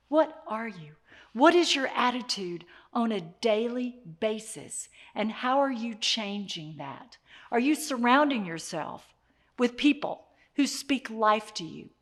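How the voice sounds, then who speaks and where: A woman with a somewhat high voice delivers a motivational talk. She speaks in an animated way, straight to the listener. She circles back to repeat her key phrases for emphasis.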